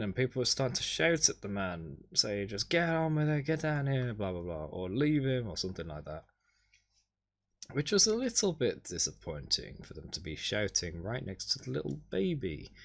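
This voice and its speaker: A man on a stream chats through his holiday photos, recapping the trip in a wry, meandering way, his pitch leaping up whenever he gets excited.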